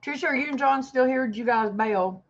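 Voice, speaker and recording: Woman, 50s, casual livestream host, rambling defensive rant, slightly high voice, muffled lo-fi sound. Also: brisk. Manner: rambling, defensive, talks to chat viewers. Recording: dull lo-fi stream audio.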